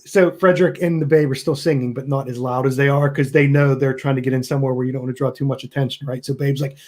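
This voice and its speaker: A man's voice: medium pitch, steady tone, fast talker, darkish tone. A man narrating as game master in a loose, chatty way, laughing often.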